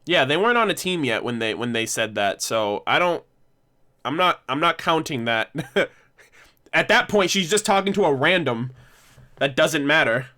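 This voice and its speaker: A man's voice: a little high, animated, moderate pace, sharp tone. A man hosting a casual livestream discussion, rambling and correcting himself with frequent laughs. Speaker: livestream host.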